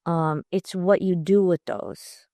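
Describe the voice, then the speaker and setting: A woman's voice: fairly low pitch, animated, slow pace, gravelly, warm tone, dry recording. A middle-aged woman from Long Island, a podcast guest talking in an enthusiastic, chatty way with many fillers. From Long Island, New York. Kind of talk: conversational interview.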